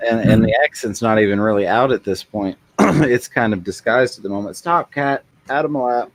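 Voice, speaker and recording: Low-voiced, laid-back man. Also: moderate pace, no room sound. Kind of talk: casual chat.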